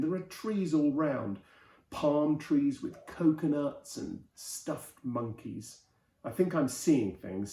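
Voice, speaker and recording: A man reading a 1930s novel aloud as host, telling the story in a lively, animated way. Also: medium pitch, roomy sound. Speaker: host and reader.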